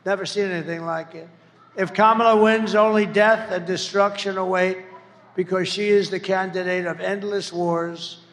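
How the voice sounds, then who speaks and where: A man's gravelly, rather high voice carries through a large rally hall with long echoing reverb. He speaks as a political candidate, rambling from point to point, mocking his opponents and hammering home lines with shouted emphasis. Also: steady tone, normal speed. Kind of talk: campaign rally speech.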